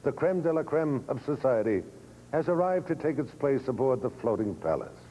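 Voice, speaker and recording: A man hosting and narrating a documentary in a measured, dramatic, scripted delivery. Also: medium pitch, sing-song, mellow, slight background noise, low-quality recording.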